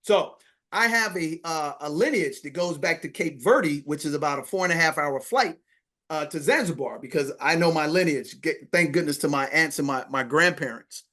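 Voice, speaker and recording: A man who is a podcast guest, telling a story in an animated way and acting out the dialogue. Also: fairly high pitch, moderate pace. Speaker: podcast guest, money coach. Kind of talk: storytelling interview.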